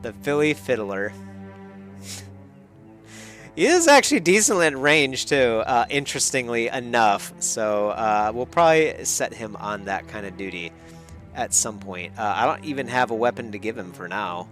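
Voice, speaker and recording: A man's voice: medium pitch, animated, normal speed, a bit bright. A man giving casual let's play commentary as he plays, chuckling and rambling. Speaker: gamer. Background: faint music.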